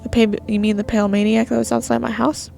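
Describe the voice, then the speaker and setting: A jumpy woman gamer talks to herself through a horror game, narrating her every move. Her voice sits a little high but stays flat, with a gravelly fry on the ends of phrases. Faint game music plays behind her. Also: quick pace.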